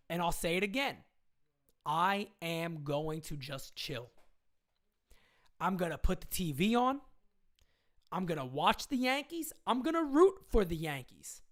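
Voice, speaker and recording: Animated woman hosting a fan livestream. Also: mid-range voice. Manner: animated, repeats points for emphasis, reads viewer questions; slangy fan talk, occasional swearing. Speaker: live stream host. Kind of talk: casual live stream chat.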